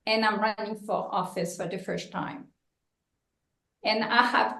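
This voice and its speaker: Speaking a little slowly in a gravelly, mid-range voice with fairly even intonation, a local political candidate gives a fiery, joking, no-nonsense campaign speech. The sound bounces around an echoey meeting room.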